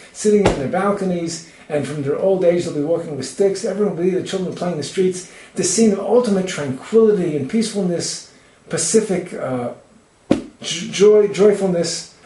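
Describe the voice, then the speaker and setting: A man's voice: high-pitched, mellow, a little hiss or hum. Man lecturing on Torah in an echoey room. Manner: expounds texts, quotes Hebrew then translates. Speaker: Torah teacher.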